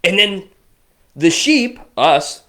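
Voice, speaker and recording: A man in his forties co-hosting a casual podcast, telling rambling, animated stories. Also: high-pitched, slow pace. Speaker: co-host. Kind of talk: casual chat.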